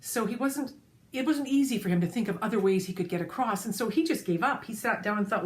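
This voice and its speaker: A woman storyteller tells a children's folk tale with lively expression. She speaks straight to her young listeners as she goes. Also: on the high side, fast. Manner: expressive, addresses listeners directly.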